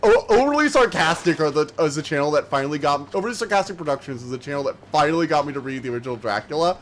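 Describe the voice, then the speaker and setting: Male game streamer, a bit high-pitched, quick and slurred, rambling casual chat. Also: lively intonation. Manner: talks fast and slurs words together; chatty and rambling, many fillers. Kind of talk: casual live-stream chat while gaming.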